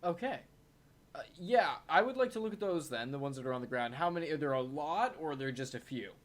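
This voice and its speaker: A man playing a tabletop game, talking casually in a relaxed, hesitant way. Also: fairly high pitch, brisk.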